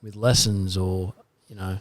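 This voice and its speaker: A man's voice: low voice, little pitch movement, unhurried, no room sound. A man hosting a podcast, chatting casually and offering supportive, thoughtful remarks. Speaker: podcast host.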